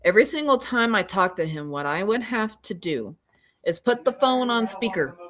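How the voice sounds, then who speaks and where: A woman's voice: mid-range voice, very animated, normal speed, fairly bright tone. A woman from Oklahoma co-hosting a podcast in casual chat, rambling with many fillers and restarts. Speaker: podcast co-host.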